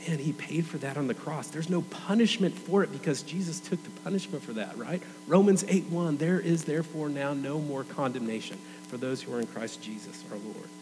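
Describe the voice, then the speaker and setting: A man's voice: a little high, brisk, hardly any pauses, a little mellow, big-room sound, slight background noise. A young adult man preaching a sermon in a conversational, earnest way.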